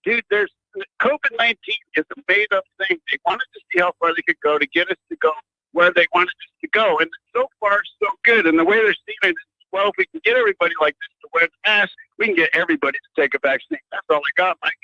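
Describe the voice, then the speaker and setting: A male radio caller with a gravelly, sharp, bright voice rambles through a heated rant, full of fillers and restarts. The line sounds dry and muffled. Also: high-pitched, wildly swooping pitch, fast talker, no echo. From United States.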